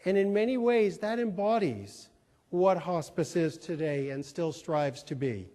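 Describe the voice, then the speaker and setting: Man, high-pitched, folksy storyteller, humorous asides, long hall reverb. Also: expressive, unhurried, mellow. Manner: folksy, humorous, with quoted voices. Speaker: keynote speaker. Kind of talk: storytelling conference talk. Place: large conference hall.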